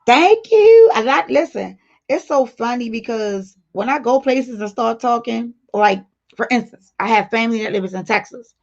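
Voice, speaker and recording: A woman with a slightly high voice and vocal fry speaks at a moderate pace over dull lo-fi stream audio. Hosting a casual livestream, she reads viewer comments aloud and addresses her audience directly in a blunt, playful way.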